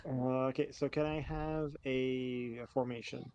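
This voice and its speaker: A man's voice: mid-range voice, fairly even intonation, a little slow, darkish tone, dull audio, a little hiss or hum. A man acting as game master of an online tabletop game, laughing often and using lots of fillers.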